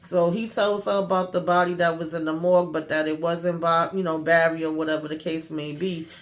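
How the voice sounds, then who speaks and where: Woman, TV recap host, casual, slangy, animated, acts out characters. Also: fairly low pitch, brisk.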